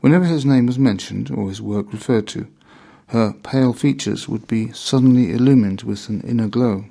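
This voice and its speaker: A man reading a memoir aloud in measured, deliberate scripted narration. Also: mid-range voice, vocal fry, warm tone.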